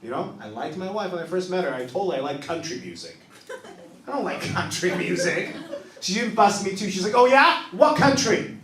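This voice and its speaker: Comedian in a roomy club. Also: male voice, high voice, a little fast. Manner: confessional storytelling, swings from soft asides to loud punchlines. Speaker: stand-up comedian. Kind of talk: stand-up comedy set. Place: small improv club stage, live audience. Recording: roomy club sound from a distance.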